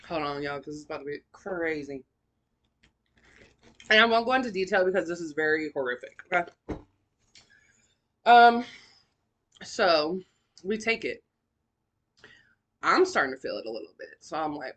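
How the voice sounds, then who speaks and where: A woman's voice: lowish voice, very animated, normal speed, pauses often, sharp tone. Slangy woman telling her story. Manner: slangy, profane, emotional. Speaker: podcast host. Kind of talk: personal storytelling.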